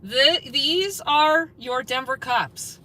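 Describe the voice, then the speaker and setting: A woman livestreaming on a city street from a phone, giving sarcastic commentary on police and at times shouting at them. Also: high-pitched, expressive, takes it slowly, low-quality recording. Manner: sarcastic, turns to loud shouting at officers. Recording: street recording with traffic noise.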